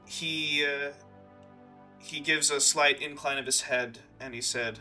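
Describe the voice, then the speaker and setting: A man narrating as dungeon master in a tabletop game, relaxed and full of hesitant ums. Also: on the high side, slow, soft background music.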